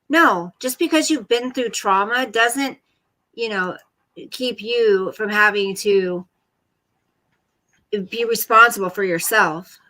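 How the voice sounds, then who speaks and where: A woman's voice: medium pitch, bright, forceful tone, rough recording. A woman hosting a casual livestream, talking bluntly and rambling to her chat and her pet at home. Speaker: livestream host. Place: home room.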